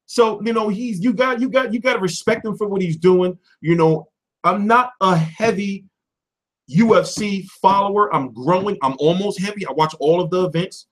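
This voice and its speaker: A man hosting a boxing livestream from home, ranting off the cuff with lots of swearing, switching between loud outbursts and mumbled asides. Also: high voice, moderate pace. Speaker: boxing commentary livestream host. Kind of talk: profane off-the-cuff rant.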